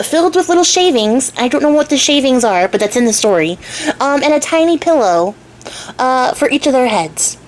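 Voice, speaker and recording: Chatty, irreverent woman storyteller. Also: high voice. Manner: chatty, irreverent, joking asides. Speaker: storyteller and craft channel host. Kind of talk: casual storytelling vlog.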